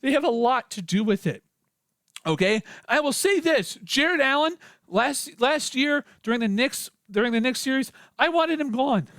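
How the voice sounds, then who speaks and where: A man ranting as a sports fan in a reaction video, heated and profane, repeating himself and building to shouts. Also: very high-pitched, no echo, clean studio sound.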